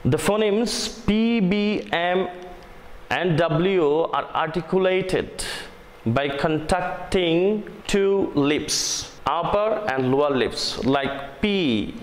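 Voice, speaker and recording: A man with a Bangladeshi English accent, a native Bengali speaker, teaching a phonetics lesson slowly and deliberately, spelling out sounds one by one. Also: on the high side. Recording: echoey room with long reverb and faint noise.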